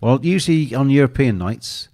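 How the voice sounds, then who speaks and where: A man's voice: medium pitch, lively intonation, normal speed, mellow, no echo, studio quality. Man hosting a betting show. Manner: jokey, teasing, reads viewer comments aloud. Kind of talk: live match commentary and banter.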